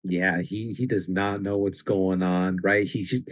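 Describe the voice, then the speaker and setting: A man's voice: low voice, steady tone, unhurried. A man co-hosting a casual comic book discussion, laid-back, laughing often and trailing off into fillers. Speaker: podcast co-host.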